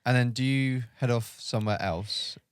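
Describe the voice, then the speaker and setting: A podcast host offers short, encouraging prompts during an interview. His medium-pitched voice is clear and resonant, with fairly even intonation and a normal pace, captured in a dry, clean studio recording.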